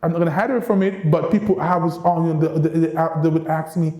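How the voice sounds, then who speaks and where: A man from Saint Kitts and Nevis, an ambassador giving a lively university lecture and coaxing the audience to repeat phrases like a teacher. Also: a little high, a little fast, highs cut off. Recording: roomy lecture-room echo.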